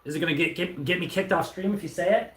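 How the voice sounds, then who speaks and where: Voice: medium pitch, quick pace, far from the mic. A streamer chatting casually on a live stream while assembling furniture, keeping up a rambling, self-mocking commentary full of stammered restarts. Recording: roomy echo, off-mic, faint noise.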